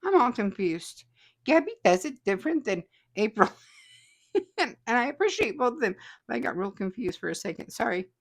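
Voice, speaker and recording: A woman's voice: fairly high pitch, very animated, moderate pace. A woman hosting a casual stream, chatting and reading viewer comments aloud with frequent laughs. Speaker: host.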